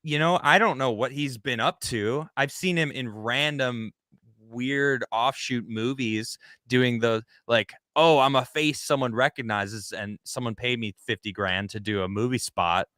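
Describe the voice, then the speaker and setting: A man's voice: medium pitch, unhurried, bright, forceful tone, dry recording, clean studio sound. A man hosting a commentary talk show, ranting heatedly with many restarts. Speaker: host. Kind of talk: casual commentary chat.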